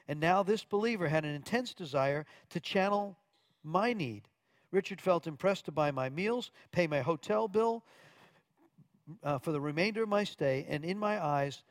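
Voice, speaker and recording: A man's voice: a little high, lively intonation, normal speed, no room sound. A man preaching from Arkansas, earnestly telling a testimony story with quoted dialogue and occasional stumbles.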